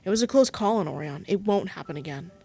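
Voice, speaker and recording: A woman voicing a quiet, resigned young man. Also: fairly low pitch, animated, fast talker, husky. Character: gentle, guilt-ridden young male crewmate.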